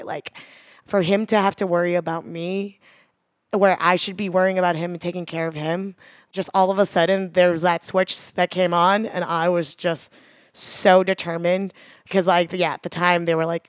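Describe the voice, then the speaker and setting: A woman's voice: fairly low pitch, fairly even intonation, moderate pace, clear, resonant tone, dry recording, clean studio sound. Chatty woman telling her story. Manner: chatty, heavy use of "like", earnest. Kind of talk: personal storytelling interview.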